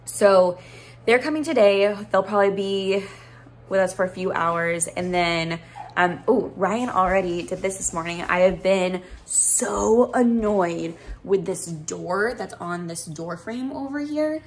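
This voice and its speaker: A woman's voice: medium pitch, a little slow. A young woman chatting casually in a home vlog, rambling with fillers as she talks through moving into a house. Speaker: vlogger. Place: house being moved into.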